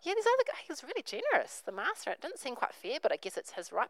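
A woman's voice: sits high, huge pitch swings, fast, no echo, low-quality recording. A woman, preaching a sermon, telling a story and acting out the characters' voices.

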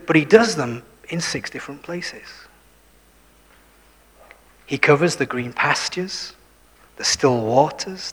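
A man preaching a sermon, dropping to hushed whispers for emphasis and putting questions to his listeners. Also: medium pitch, breathy edge. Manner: shifts between full voice and hushed whispers for emphasis; self-deprecating, asks the listeners questions. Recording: long hall reverb.

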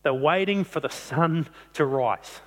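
A man's voice: fairly high pitch, a little slow. A man preaching a sermon, earnest, stretching out key phrases for emphasis. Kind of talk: sermon on a psalm. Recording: long hall reverb.

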